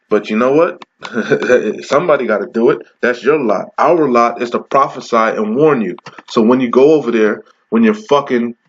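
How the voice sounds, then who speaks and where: A man preaching from scripture in a confrontational, profane way. He reads verses slowly, then breaks them down and keeps asking "okay?". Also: medium pitch, muffled recording, slight background noise. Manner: slows down to read verses aloud. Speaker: street preacher. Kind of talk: scripture reading with commentary.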